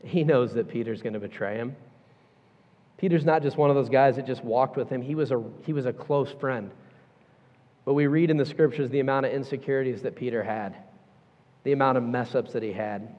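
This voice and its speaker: A man's voice: medium pitch, a little fast. A man preaching a sermon in a church auditorium, emphatic and conversational with casual asides. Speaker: pastor. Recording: echoey hall, dull sound.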